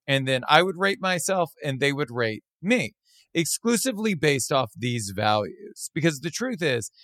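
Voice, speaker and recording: A man with a lightly high, very lively voice speaks earnestly about running restaurants, stressing key words with conviction. He sounds close and dry, with no room around him. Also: moderate pace, no room sound. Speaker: former restaurant owner and co-host. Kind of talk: casual chat.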